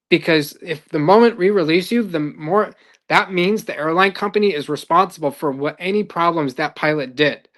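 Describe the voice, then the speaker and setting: A man's voice: on the high side, moderate pace, fairly bright tone. A male life coach telling a story in a casual, rambling podcast monologue with fillers and restarts.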